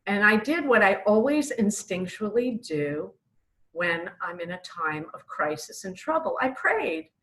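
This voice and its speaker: A woman's voice: medium pitch, sing-song, measured pace, fairly bright tone, a little hiss or hum, low-quality recording. A middle-aged woman from New York, earnestly telling a personal faith story as an author and acting out her own pleas. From Brooklyn, New York. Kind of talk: personal testimony.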